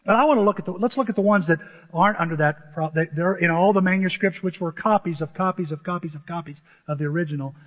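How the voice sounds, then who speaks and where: A male pastor preaching a sermon to his church, animated and emotional, often jumping into excited high exclamations. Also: fast talker. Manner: self-described emotional. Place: church sanctuary with a screen. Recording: dull, long hall reverb.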